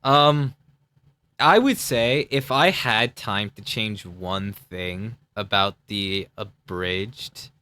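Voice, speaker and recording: A young man on a live stream rambles and laughs through casual commentary, his voice sitting on the low side. The sound is close and dry. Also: drawn-out words, pushed and bright, smooth, no echo. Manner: rambling, laughing, filler-heavy. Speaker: streamer reacting to his own parody series.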